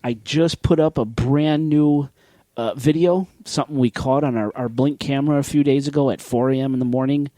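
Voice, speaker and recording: A man's voice: mid-range voice, steady tone, fairly quick, warm tone, no echo. A middle-aged man cohosting a chatty podcast, joking and self-mocking, often breaking into laughs. His voice sits in an ordinary middle register and is recorded close on a dry, deadened mic with no room sound. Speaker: podcast host. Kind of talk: casual chat.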